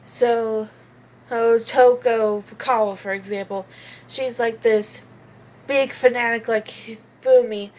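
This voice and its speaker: A woman's voice: on the high side, fairly even intonation, takes it slowly, a little mellow. A woman chatting casually and hesitantly about how she voices game characters, giggling often. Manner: hesitant and giggly, many fillers. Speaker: channel host. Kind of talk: casual voice-acting demo.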